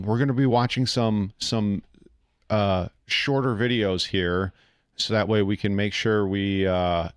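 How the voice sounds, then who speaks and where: Laid-back streamer guy rambling along, lots of ums, clean smooth voice. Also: on the low side, no echo, clean studio sound. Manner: rambling and easygoing, laughs often, many fillers. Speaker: streamer hosting a reaction stream. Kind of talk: casual live-stream commentary.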